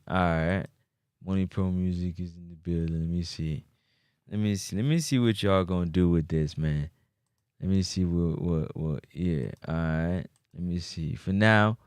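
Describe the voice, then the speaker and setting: A man's voice: deep voice, clean tone, no room sound, clean studio sound. A man hosting a casual sports talk livestream, bantering with his chat. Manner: animated, banters with live chat. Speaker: sports talk show host.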